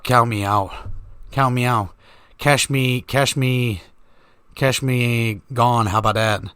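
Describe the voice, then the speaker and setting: Male podcast host, mid-pitched, profane comic rambler, dry close recording. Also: fairly bright tone, dry recording. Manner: joking, profane, goes off on tangents. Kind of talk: rambling comedic monologue.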